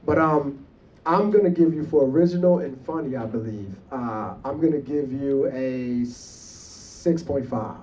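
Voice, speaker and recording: A man's voice: medium pitch, unhurried, a little mellow. A man judging a comedy competition in a club, giving rambling, blunt feedback with many restarts. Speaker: competition judge. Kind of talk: casual spoken feedback. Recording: distant mic, faint room noise.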